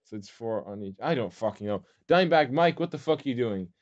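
A clan leader organizing a training match runs his gaming voice chat with a fairly low, warm voice, talking fast and animatedly in non-native English. He's impatient and bossy, swearing at players to hurry up and join. The game voice chat sounds dull and lo-fi.

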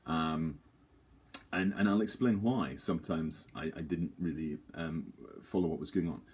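A man's voice: extremely low pitch, unhurried, a little mellow, slightly rough. A man giving a rambling, self-deprecating, jokey theatre review to camera, full of fillers.

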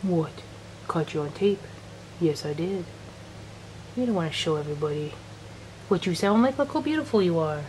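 A woman vlogging at home, talking softly and cooing to her dogs between casual chat. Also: lowish voice, expressive, normal speed, pauses often. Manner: soft, cooing baby talk to her dogs. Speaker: daily vlogger. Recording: noisy home camera recording.

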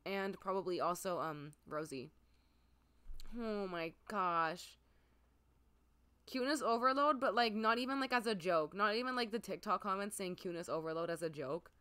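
A woman streamer chatting casually as she plays a game, gushing and excitable, with a mid-pitched voice. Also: normal speed, smooth. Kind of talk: casual gameplay commentary.

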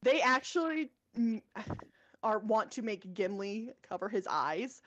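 A woman's voice: on the high side, animated, takes it slowly, fairly bright tone, no room sound. Woman retelling a fantasy plot, rambling. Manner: rambling, many fillers and self-corrections. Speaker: podcast co-host. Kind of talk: casual chat, retelling a book plot.

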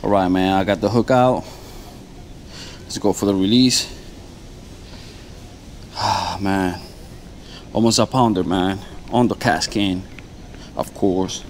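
A man vlogging while fishing outdoors on a lapel mic, talking casually and excitably, with "man" and "bro" in every sentence. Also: sits low, slow pace, pauses often, slight background noise. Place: outdoors by the water.

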